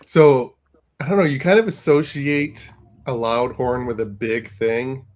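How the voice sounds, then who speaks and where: A man with a voice of ordinary pitch works through ideas out loud on a podcast. He hesitates and fills gaps with ums as he talks the idea through. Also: fairly even intonation, a little slow. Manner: musing, hesitant, many fillers. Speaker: podcast co-host. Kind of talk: casual chat.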